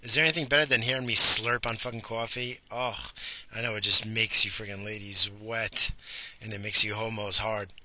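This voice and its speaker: A man's voice: lowish voice, fairly even intonation, moderate pace, sharp tone. A man podcasting while he drives, rambling crudely and profanely into a head-mounted mic. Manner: profane, rambling, mock-theatrical. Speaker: podcast host. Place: car, driving.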